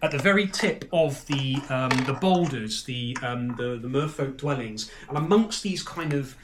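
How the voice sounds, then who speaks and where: A game master describes a tabletop fantasy scene aloud, pausing for ums and restarting phrases. The voice sits at a middle pitch and sounds echoey in a roomy space, with faint noise in the background. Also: expressive. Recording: roomy echo.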